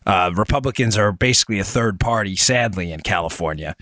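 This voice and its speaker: A man hosting a political talk podcast, talking casually and animatedly, with quick asides and sudden raised emphasis. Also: no room sound, studio quality. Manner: animated, conversational, swings between low asides and high emphasis. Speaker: podcast host. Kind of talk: political talk show with ad read.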